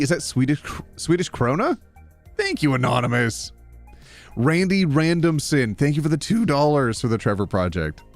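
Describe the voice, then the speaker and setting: Man, casual live-stream chat, lively swooping voice, playful and laughing, faint background music. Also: mid-range voice. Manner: playful, reads donations aloud, laughs often.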